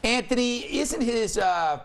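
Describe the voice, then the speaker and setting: A man's voice: very high-pitched, lively intonation, measured pace, fairly bright tone. A man hosting a late-night panel show, joking and laughing often. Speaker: talk show host.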